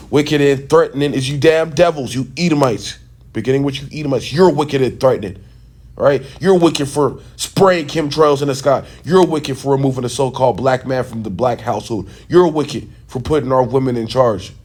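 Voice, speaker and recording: A man's voice: mid-range voice, a little mellow. Man in a middle voice, loose sit-down teaching, checks in with the listener often, runs heated and scornful. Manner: talks loosely, checks in with "right?" and "okay?". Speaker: religious teacher.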